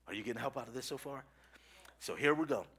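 A middle-aged male pastor preaching a sermon, swinging between loud calls to the congregation and hushed, intense lines, often repeating words. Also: mid-range voice, animated, fast talker, breathy edge.

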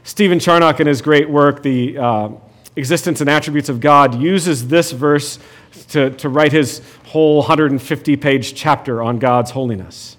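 A man's voice: on the high side, normal speed, fairly bright tone. A man preaching a sermon in a conversational way, with frequent restarts and light humor. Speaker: pastor.

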